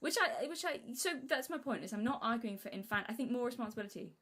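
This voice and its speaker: A young woman from Britain talking casually on a live stream, rambling and restarting her sentences, sometimes acting out what she said as a child in a high voice. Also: animated, fast talker, fairly bright tone. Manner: rambling, self-interrupting, acts out childhood quotes in a high voice.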